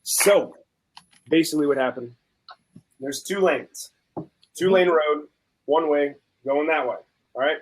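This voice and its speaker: A man's voice: on the high side, a little slow, long pauses, slight background noise, poor audio. A man on a video call, casually telling a story with animation and acting out both sides of an argument. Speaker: guest on video chat. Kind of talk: casual chat.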